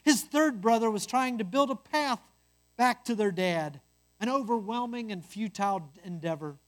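A storyteller reading a parable aloud. The delivery is measured and earnest throughout. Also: medium pitch, animated.

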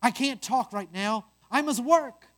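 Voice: medium pitch, a little slow, pitched above the performer's own voice, lightly acted. A reader voicing a guilt-ridden youngest brother, earnest and anxious, in a told parable. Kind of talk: storytelling.

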